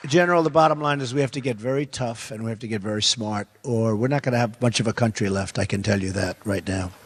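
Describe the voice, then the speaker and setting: A man's voice: on the low side, fast talker, a faint crowd, a little hiss or hum. Older male candidate, emphatic and repetitive, long hall reverb, audience faintly heard. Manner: repetitive, emphatic, rambling asides. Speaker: political candidate. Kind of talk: campaign forum answer.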